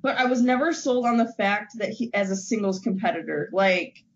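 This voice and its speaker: A woman's voice: medium pitch, moderate pace, noisy background. Hesitant woman in casual chat. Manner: hesitant, many fillers and restarts. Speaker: co-host discussing wrestling. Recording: dull lo-fi recording.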